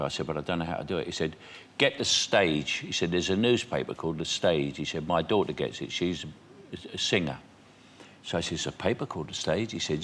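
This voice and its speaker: Older guy telling stories on a talk show, lowish bright voice, laughs a lot. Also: a little hiss or hum. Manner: chatty storyteller, quoting dialogue, laughing often. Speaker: guest.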